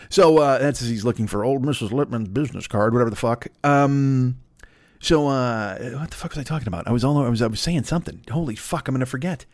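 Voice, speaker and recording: A man's voice: mid-range voice, expressive, fast talker, no echo, clean studio sound. Rambling, profane male podcast host. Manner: rambling, profane and self-deprecating. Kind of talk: casual solo podcast monologue.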